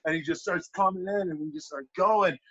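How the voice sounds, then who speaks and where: A man on a podcast telling a wrestling story in casual, animated talk, swearing a lot and filling with "like". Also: high-pitched, brisk, breathy edge. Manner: animated, profane, lots of "like" fillers. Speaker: podcast guest, pro wrestler. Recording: dull lo-fi podcast audio.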